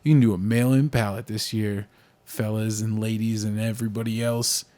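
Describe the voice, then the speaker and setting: A man's voice: fairly low pitch, flat delivery, normal speed, mellow. A young man from the United States co-hosting a casual podcast, talking politics and movies with lots of fillers and restarts. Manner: rambling, frequent fillers and restarts. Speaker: podcast co-host.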